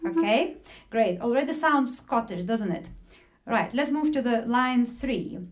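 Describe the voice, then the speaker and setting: High-voiced, slow-talking woman leading a workshop. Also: expressive. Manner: patient, hesitant with many fillers and restarts. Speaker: singing workshop leader. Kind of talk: online singing workshop instruction. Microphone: video call.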